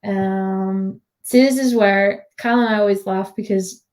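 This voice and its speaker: A woman's voice: medium pitch, fairly even intonation, unhurried, darkish tone. A woman tutor giving a live online design tutorial over a video call, chatty and giggly with lots of fillers.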